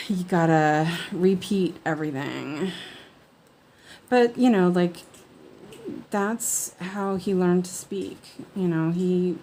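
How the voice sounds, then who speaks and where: A woman's voice: lowish voice, warm tone, slight background noise. A woman hosting a cross-stitch livestream, chatting casually and rambling with many fillers and restarts. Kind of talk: casual chat while stitching.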